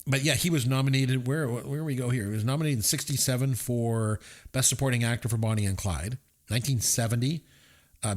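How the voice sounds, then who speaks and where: A man co-hosting a podcast, rambling casually through a movie review and laughing as he retells scenes. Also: medium pitch. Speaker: podcast co-host.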